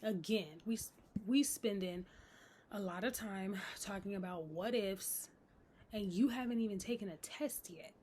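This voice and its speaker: A woman casually recapping a TV episode, animated and exasperated, talking straight to her viewers. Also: medium pitch, unhurried, a little hiss or hum. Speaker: recap vlogger.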